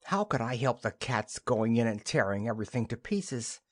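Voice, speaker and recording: A man's voice: mid-range voice, expressive, moderate pace, close to an everyday voice. A man reading as chattering young wife Nora. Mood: cheerful. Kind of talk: audiobook play reading.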